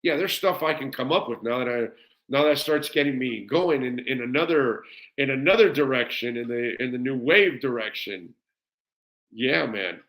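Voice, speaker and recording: A man's voice: medium pitch, normal speed, a bit bright. A middle-aged man hosting a live show, chatting casually and gushing enthusiastically as he answers viewer comments, rambling with fillers and repeated words. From United States. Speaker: sports radio host.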